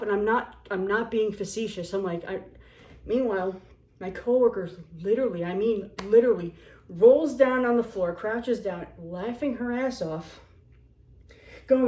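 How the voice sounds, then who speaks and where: A woman's voice: a little high, moderate pace. Sarcastic woman telling a story in a roomy room. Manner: animated, sarcastic, acts out quotes. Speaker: vlogger. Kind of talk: casual storytelling. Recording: roomy echo.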